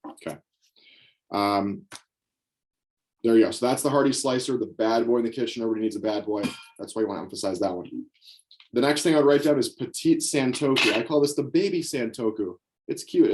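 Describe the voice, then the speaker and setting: Indoors beside a table of knives, a young man leads a sales training session, coaching in an upbeat, direct style and repeating key lines for note-taking. His voice is on the low side and darkish in tone.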